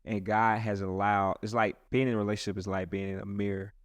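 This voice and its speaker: A man's voice: lowish voice, level tone, quick pace, dry recording, dull audio. A man who is a pastor, talking earnestly and casually in a rambling way with many restarts. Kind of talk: casual podcast chat.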